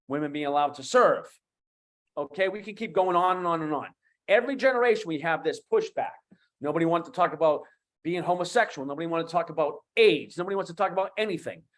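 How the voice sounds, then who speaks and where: A man in his fifties with a Boston accent, speaking as a guest coach on an online talk show, animated and emphatic, repeating key phrases. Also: high-pitched, quick pace. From USA. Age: 50s.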